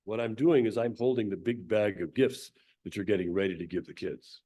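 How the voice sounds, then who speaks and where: A man giving a Sunday talk, leading the group through a laughter exercise with coaching instructions and frequent throat clearing. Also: on the low side, fairly quick, warm tone.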